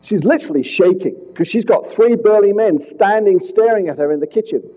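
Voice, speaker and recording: A man investigating fraud, telling a case to police as a dramatic story with rhetorical questions, swinging between loud points and hushed asides. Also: sits high, expressive, brisk, rough recording. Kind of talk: storytelling presentation to an audience.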